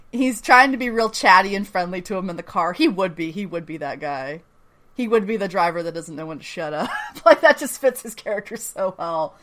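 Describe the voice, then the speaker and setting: A young adult woman co-hosts a podcast, recapping an episode in casual chat with frequent laughter, swearing, and playful asides. Her voice is medium-pitched with a fairly bright tone.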